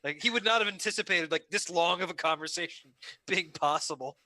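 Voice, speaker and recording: Man, tabletop player, animated delivery, very bright, dry sound. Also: high-pitched, a little fast, dry recording. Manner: animated, laughing, swearing. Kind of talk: casual tabletop game play.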